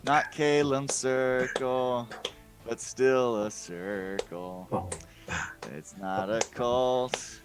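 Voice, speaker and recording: A man's voice: mid-range voice, steady tone, extremely slow, music in the background. A man playing in a tabletop game over a lagging video call, joking and making sound effects with his voice. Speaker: player. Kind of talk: casual chat during a tabletop game. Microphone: video call with a lagging connection.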